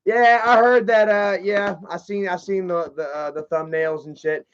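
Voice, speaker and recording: A man talks loosely on a live stream, his voice sitting a bit high. He rambles, jokes and swears. The sound is muffled and lo-fi. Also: steady tone, normal speed, clean tone. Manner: rambling, profane and jokey. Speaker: live streamer opening fan mail. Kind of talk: casual live-stream chat.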